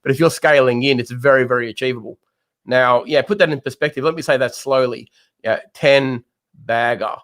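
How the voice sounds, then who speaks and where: A man's voice: medium pitch, fairly even intonation, quick pace, a bit bright. A man co-hosting a live trading show, explaining trading ideas and speaking directly to viewers. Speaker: co-host and trading mentor. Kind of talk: live market analysis chat.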